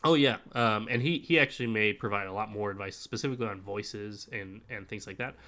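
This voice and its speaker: A man's voice: fairly low pitch, fairly quick, pushed and bright. A man co-hosting a podcast in casual chat, explaining game-master advice at length.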